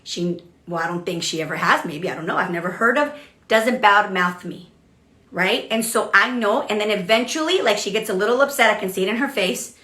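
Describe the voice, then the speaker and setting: A woman's voice: medium pitch, brisk, reverberant. A woman who is a leadership coach, talking casually and bluntly on a livestream and often checking in with "okay?" and "right?". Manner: blunt, animated, keeps asking okay and right.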